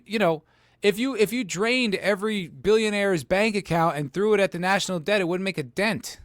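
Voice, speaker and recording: The clean studio recording, free of room sound, carries a man's fairly bright voice on the high side. As a podcast host, he reads and responds to viewer chat comments amid rambling, casual political talk full of "like" and "you know."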